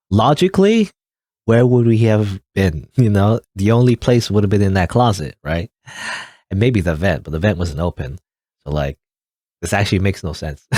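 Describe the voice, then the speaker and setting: Man, let's play commentary, rambling and chuckling, dry close sound, lively intonation. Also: on the low side, dry recording. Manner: rambling, chuckling, self-interrupting. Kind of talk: casual gameplay commentary.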